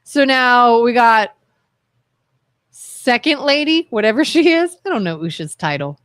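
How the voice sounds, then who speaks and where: A woman co-hosting a casual live-streamed talk show, bantering in an animated, playfully defensive way. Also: fairly high pitch, unhurried, dry recording, clean studio sound. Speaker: co-host.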